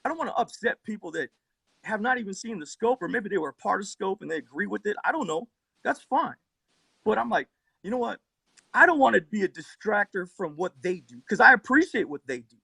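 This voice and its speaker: A man with a fairly high voice and a rough, gravelly texture, breathy around the edges, talks into his phone during a live argument. He swears constantly and rambles, circling back through his story. The sound is close and dry. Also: bright, forceful tone, dry recording. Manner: profane, rambling, worked-up storytelling. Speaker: livestream debate participant. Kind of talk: heated live-stream argument.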